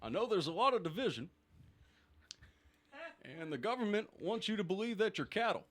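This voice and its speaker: A man's voice: high-pitched, sing-song, brisk, fairly bright tone, a little hiss or hum. A man doing a giggly mock-presidential address. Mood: mock solemn. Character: impression of a former male US president giving a speech.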